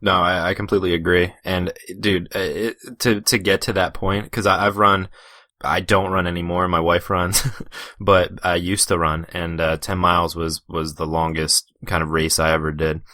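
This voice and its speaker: A man hosting a casual podcast interview, relaxed and agreeable, using "like" and "dude" often. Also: deep voice, moderate pace, no room sound, clean studio sound. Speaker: podcast host.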